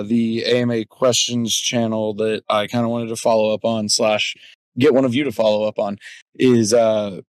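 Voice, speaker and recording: A man's voice: fairly low pitch, no echo. A man hosting a community Q&A, passing questions along in an easygoing way. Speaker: host running a Q&A. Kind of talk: casual moderating.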